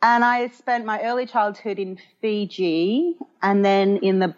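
A woman's voice: medium pitch, measured pace, dull audio. A woman from Australia, a human rights lawyer, answering interview questions in a thoughtful, searching way. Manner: thoughtful, hesitant with fillers.

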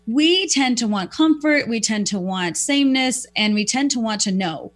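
A woman guest who speaks professionally, telling stories in a reflective, animated way and acting out quoted lines. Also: on the high side, normal speed. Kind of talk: conversational storytelling.

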